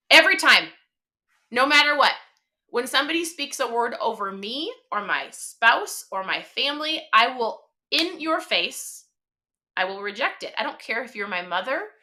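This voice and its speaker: A woman's voice: on the high side, lively intonation, a little fast, sharp tone. A woman in her thirties hosting a motivational live stream, talking emphatically and chattily with many fillers.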